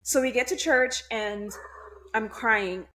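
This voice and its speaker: A woman's voice: fairly high pitch, bright, forceful tone. Blunt, swearing young woman telling her story. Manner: blunt, swears freely, halting restarts. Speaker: podcast guest. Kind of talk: candid conversational storytelling.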